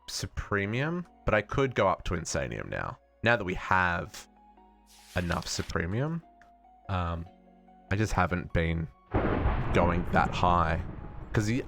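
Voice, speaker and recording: A man with an Australian accent streams a modded game, thinking aloud, correcting himself, and chatting casually with viewers. His voice is fairly low in pitch and a bit bright.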